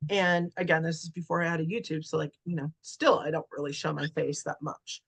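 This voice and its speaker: Middle-aged woman guest, kinda low voice, rambly chatty storytelling w lots of "like" and "right?". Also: level tone, brisk, slightly rough. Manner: chatty, many fillers like "right?" and "like". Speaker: podcast guest. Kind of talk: casual storytelling.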